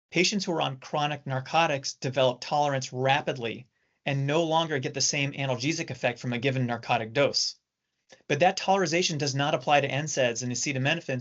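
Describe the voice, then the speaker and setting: Measured male surgeon, lo-fi sound. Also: mid-range voice, a bit bright. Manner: measured, explanatory. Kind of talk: recorded training talk for nurses. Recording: dull lo-fi recording.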